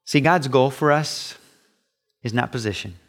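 A middle-aged man preaching a sermon as pastor, emphatic, rising high when he acts out voices. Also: measured pace. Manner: emphatic preaching, pitch rising sharply on quoted asides.

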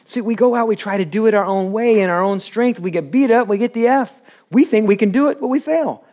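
A man preaching a sermon in a church, animated and laughing with the audience, acting out quotes. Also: high voice, brisk. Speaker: pastor.

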